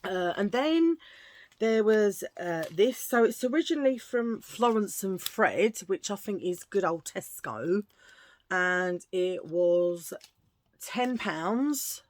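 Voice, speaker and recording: A woman's voice: mid-range voice, animated, takes it slowly, a little mellow. A woman chatting casually through a thrift-shop haul at home, gushing and rambling with restarts. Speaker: vlogger showing a thrift haul.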